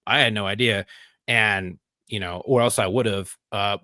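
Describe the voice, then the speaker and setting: A man's voice: lowish voice, fairly even intonation, measured pace, bright, forceful tone, no room sound. Profane laid-back man from California. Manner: laid-back, profane, says "dude" a lot. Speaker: podcast host, Marine veteran. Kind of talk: casual chat. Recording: dry close-miked sound.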